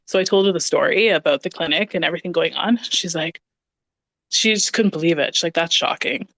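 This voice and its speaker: Woman in her 30s, lively storyteller, plays out the dialogue, dry close sound. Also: on the low side, quick pace, vocal fry, no room sound. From Canada (Ontario). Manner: animated, acts out quoted dialogue. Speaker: podcast guest. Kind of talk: casual storytelling conversation.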